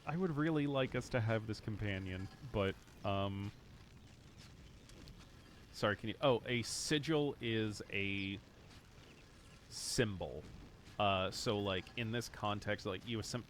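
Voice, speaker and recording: A man's voice: on the low side, a little slow, a little hiss or hum. A man streaming a video game, thinking aloud in a casual, rambling way with lots of fillers. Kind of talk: casual live-stream gameplay commentary.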